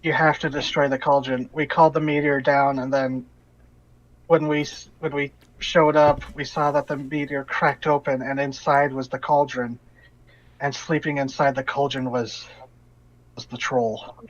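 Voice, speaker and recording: A man narrating as game master for a tabletop game, relaying a character's story in halting, restarting phrases. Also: mid-range voice, little pitch movement. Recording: dull lo-fi voice chat audio.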